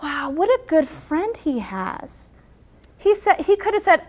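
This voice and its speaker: A woman teacher reading a picture book aloud to her class, acting out the characters' lines with animated emphasis and pausing to explain. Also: very high voice. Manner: animated storyteller, acting out character lines with big loud pushes.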